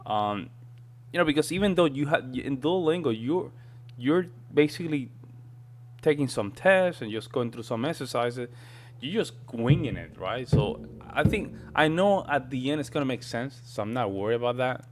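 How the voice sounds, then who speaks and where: A man hosting a reaction video, thinking out loud in a loose, chatty way. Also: medium pitch, animated, normal speed. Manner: thinking aloud, restarts and fillers, chatty asides. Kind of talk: casual reaction commentary.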